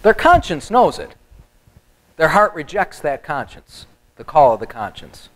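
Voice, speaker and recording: A male pastor teaching a Bible study sermon in an animated style, joking with the congregation. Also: fairly high pitch, measured pace, rough recording.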